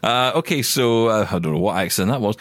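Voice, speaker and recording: A man with a low voice co-hosts a relaxed radio chat. His talk jumps up and down in pitch, with restarts and quick chuckles. The sound is close and dry. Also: no room sound. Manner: animated, chuckling, rambling restarts. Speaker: co-host.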